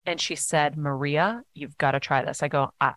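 Woman guest on a podcast, kinda low voice, super dry sound, tells stories and does the quotes. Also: fairly even intonation, moderate pace, dry recording. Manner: earnest, storytelling, acts out quotes. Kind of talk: casual interview talk.

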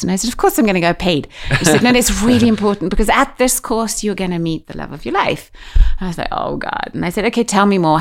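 A middle-aged woman telling a personal story in a casual interview, animated and acting out the voices of the people she quotes. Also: medium pitch. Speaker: guest.

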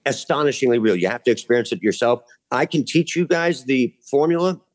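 A man's voice: medium pitch, animated, brisk. Earnest, rambling man guest. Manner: earnest, rambling, many restarts. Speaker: podcast guest. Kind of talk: casual chat. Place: podcast studio.

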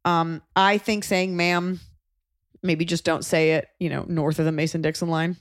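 A woman's voice: lowish voice, little pitch movement, moderate pace, no echo, clean studio sound. A woman from Texas hosting a podcast, chatting casually and acting out voices in her stories. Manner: chatty, acts out voices in anecdotes. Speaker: podcast host. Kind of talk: casual chat.

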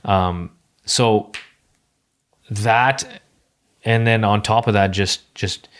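A man's voice: on the low side, fairly even intonation, very slow, fairly bright tone, slight background noise. A man in his thirties hosting a podcast, talking casually with many restarts and fillers. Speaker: podcast host. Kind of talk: casual conversation.

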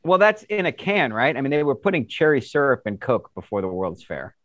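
A man co-hosting a podcast, tossing in quick sarcastic quips. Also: mid-range voice, very animated, fairly bright tone, dry recording. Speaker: podcast co-host. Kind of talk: casual chat.

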